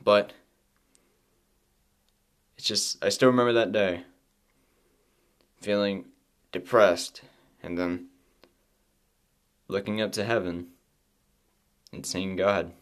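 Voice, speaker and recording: A man hosting his own podcast, sharing a personal faith testimony in a halting, emotional way with many restarts, close to tears. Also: lowish voice, fairly even intonation. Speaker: podcast host.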